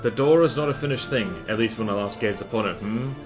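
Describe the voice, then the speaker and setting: A man's voice: mid-range voice, quick pace, over music, lightly acted. A man voicing an ancient, cryptic hag in a put-on Scottish accent, speaking in riddles with twisted word order. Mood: riddling. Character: ancient cackling hag crone, cryptic and possessive.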